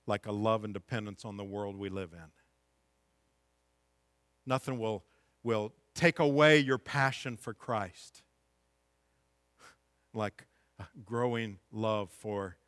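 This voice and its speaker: A man's voice: fairly low pitch, no echo. A middle-aged man preaching a sermon as pastor, reading scripture and building to impassioned, emphatic peaks.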